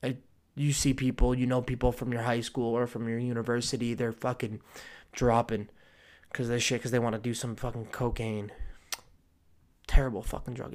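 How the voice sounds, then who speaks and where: Twenty-something dude ranting about the news, cursing constantly, mumbly then suddenly loud. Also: male voice, medium pitch, level tone, normal speed. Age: 20s. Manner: profane, ranting, swings between muttering and outbursts. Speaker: commentator reacting to news stories. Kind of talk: casual solo commentary.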